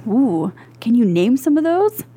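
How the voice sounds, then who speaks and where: A woman's voice: on the high side, big pitch swings, a little slow, mellow, a little hiss or hum. A woman co-hosting a casual podcast, playful and teasing. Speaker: podcast co-host.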